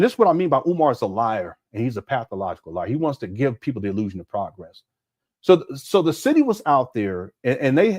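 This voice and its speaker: A middle-aged man hosts a casual livestream with commentary, talking emphatically to his chat and often laughing. His voice is medium-pitched and a little mellow.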